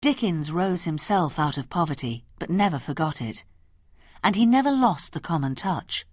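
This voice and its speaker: A woman narrates a documentary script with a low, lively voice. Her tone is husky and the recording is very dry. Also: dry recording. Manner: measured, expressive. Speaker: documentary presenter.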